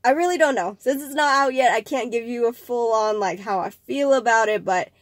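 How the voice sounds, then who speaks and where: A woman's voice: on the high side, a little fast, no echo. A young woman hosting a casual vlog, talking to camera in a chatty, rambling way and sounding a little nasal from a cold. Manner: chatty, rambling, with fillers and restarts. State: slightly nasal, getting over a cold. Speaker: vlog host.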